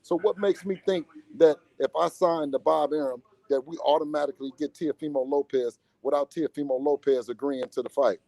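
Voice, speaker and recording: A man talking casually in an interview as a boxer's father and manager, animated and slangy, often repeating himself. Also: on the high side, a little fast, creaky, hardly any pauses, no echo.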